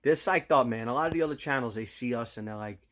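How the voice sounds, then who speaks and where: A man's voice: medium pitch, fast talker. Chatty New man in his fifties. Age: 50s. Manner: animated storyteller, slips into loud quoted voices. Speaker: vlogger. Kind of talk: casual chat to camera.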